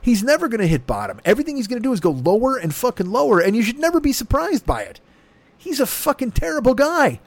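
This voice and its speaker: A man's voice: wildly swooping pitch, fast talker, no echo. Heated, profane man ranting. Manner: heated, profane, sweeping swings in pitch. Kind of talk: profane comedic political rant.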